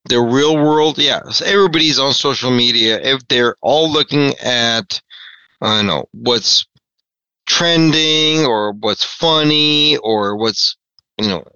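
Excited guy on a podcast, bright sharp voice, dry lo-fi sound. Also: medium pitch, takes it slowly, smooth, dry recording. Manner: excitable, jumpy and self-mocking. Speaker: podcast guest. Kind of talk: casual chat. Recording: dull lo-fi audio.

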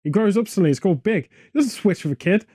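A man co-hosting a comedy chat who rambles through absurd film ideas, animated and quick to get exasperated. His voice is fairly high for a man, with a dark, mellow tone. The sound is dry and close to the mic. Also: husky, dry recording. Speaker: podcast co-host.

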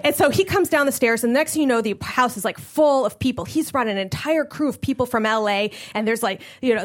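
Woman, high voice, animated comedic storytelling, acts out quoted voices.

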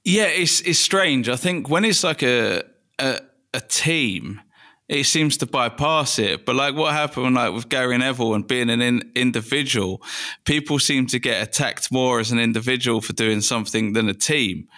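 Bright-voiced, chatty man. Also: medium pitch, normal speed. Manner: relaxed and chatty, with frequent restarts. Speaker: podcast guest. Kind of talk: casual interview chat.

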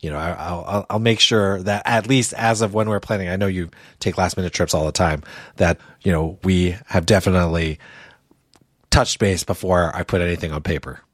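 Laid-back low-voiced man, dry sound. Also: steady tone, fairly quick, no room sound. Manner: rambling, self-correcting, laid-back. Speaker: podcast co-host. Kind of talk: casual podcast chat. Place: home setup, Boston area.

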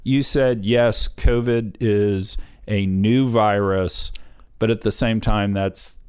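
A man's voice: on the low side, fairly even intonation, takes it slowly, a little mellow, clean tone. A middle-aged man hosting a casual talk with his father, telling family stories in a chatty way. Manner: chatty storyteller, laughs while telling stories. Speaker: podcast host interviewing his father.

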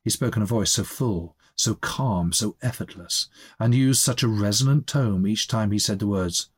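A man reads a literary novel aloud in a measured, steady way. His voice sits low with a husky edge. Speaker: reader of a novel chapter. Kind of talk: literary audiobook reading.

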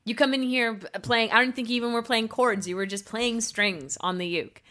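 A woman's voice: a little high, a little fast, sharp tone. A woman playing a stressed middle-aged male music producer and father in an improvised comedy sketch, exasperated and scolding.

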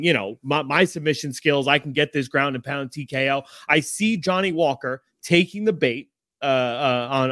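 A man's voice: on the high side, a bit bright, no echo, clean studio sound. A man co-hosting a sports talk show, giving analysis in a thoughtful way with many fillers. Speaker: co-host analyst.

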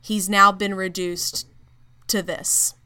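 A woman podcast host narrating a story in a measured, casual way. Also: mid-range voice, level tone, noisy background.

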